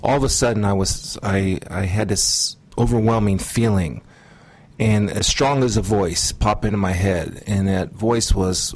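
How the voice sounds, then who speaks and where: A middle-aged man earnestly recounting a personal testimony in an interview, measured and pausing often. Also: fairly low pitch. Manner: earnest, measured storytelling with frequent pauses. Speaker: guest sharing testimony.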